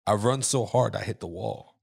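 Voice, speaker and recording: A man co-hosting a podcast, telling a story in a casual, animated way and swearing freely. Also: fairly low pitch, normal speed, creaky, breathy edge, no echo, clean studio sound. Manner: animated, swearing, shouts when acting out scenes. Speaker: podcast co-host.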